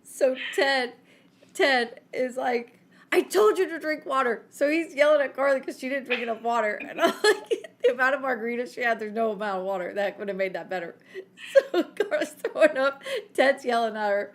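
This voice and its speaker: A woman's voice: on the high side, normal speed. A woman co-hosting a podcast, telling a story in a casual chat and laughing often. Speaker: podcast co-host.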